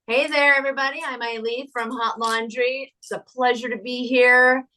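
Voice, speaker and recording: A woman's voice: fairly high pitch, flat delivery, normal speed, bright, forceful tone, low-quality recording. A woman vocalist chatting in a laid-back, easygoing way in a radio interview, swearing casually. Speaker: band vocalist.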